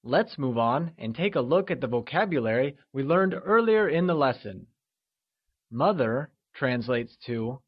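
Slow, encouraging male language teacher. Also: medium pitch, big pitch swings, soft background music. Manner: upbeat, encouraging, with slow, drawn-out modeled syllables. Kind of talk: scripted lesson narration.

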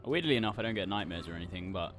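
A man commentating a horror game, excitable, swearing and shrieking when scared. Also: deep voice, racing, noisy background. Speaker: gaming YouTuber. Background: game music.

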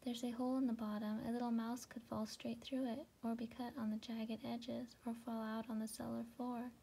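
A particular, fretful mother mouse from a storybook, as a woman reads her lines. She talks in a soft, mellow, slightly gravelly voice with a high but flat tone. She complains about every place she sees. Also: normal speed. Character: fussy anxious mother mouse. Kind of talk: storybook reading.

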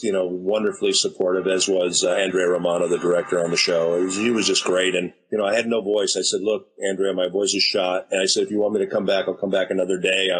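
Husky american guy in his 50s, kinda low voice, chatting about voice work in a relaxed way. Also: low-quality recording. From United States. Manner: easygoing, anecdotal storytelling. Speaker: voice actor and director guest. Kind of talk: casual interview talk.

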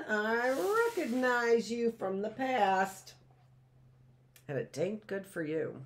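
A woman's voice: a little high, sing-song, takes it slowly, slight background noise. A middle-aged woman teaching a live history lesson, reading from notes and breaking off into chatty asides and rhetorical questions.

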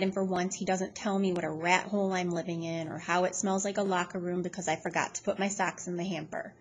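A woman narrating a novel chapter aloud in a plain, unhurried way. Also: mid-range voice, a little hiss or hum. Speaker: audiobook reader.

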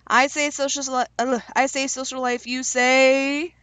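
A young woman reading quiz questions aloud and answering them with quick, self-deprecating jokes in a casual vlog. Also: high-pitched, flat delivery, a bit bright, clear, resonant tone, no echo. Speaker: YouTuber taking online quizzes.

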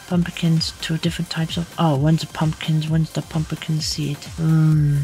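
Relaxed, unhurried streamer; playful, whispery sound effects during gameplay. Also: mid-range voice, faint music behind. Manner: playful, mutters whispered sound effects and repeated filler words. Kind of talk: casual gaming commentary.

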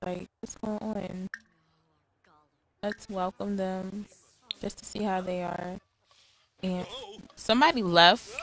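A woman hosts a casual let's-play with chatty, exasperated commentary, cursing when annoyed. Her voice sits in an ordinary middle pitch for a woman. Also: a little hiss or hum, low-quality recording.

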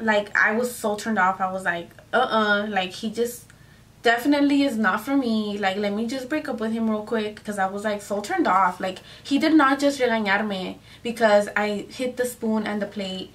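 A woman's voice: medium pitch, bright, forceful tone, distant mic. A young woman telling a casual storytime to her viewers, chatty and full of "like" and "you guys", slipping into Spanish phrases. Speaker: vlogger.

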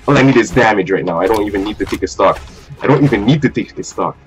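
A man's voice: on the low side, expressive, quick pace. A young man giving live commentary while playing a ranked fighting game, swearing, trash-talking and repeating his phrases. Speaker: gamer. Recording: faint game music behind.

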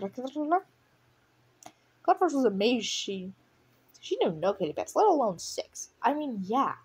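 A young woman casually reading a story aloud, giggling and reacting excitably to the plot as she goes. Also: mid-range voice, a little slow, long pauses, breathy edge. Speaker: audiobook reader.

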